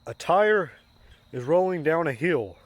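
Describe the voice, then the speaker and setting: A man telling pun jokes in a rambling, deadpan way while out on a walk, recorded on a phone outdoors. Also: fairly high pitch, unhurried, no room sound. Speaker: comedian. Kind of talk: casual joke-telling on a walk.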